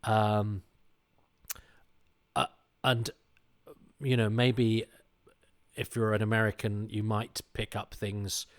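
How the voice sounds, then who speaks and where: Animated middle-aged man, indignant host. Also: fairly low pitch, slow, long pauses. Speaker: podcast host. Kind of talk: casual monologue.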